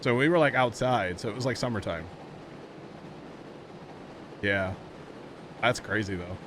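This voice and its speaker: A man with a lowish, slightly slow voice chats casually while streaming a game. He rambles through animated stories packed with fillers, and there's background noise behind him.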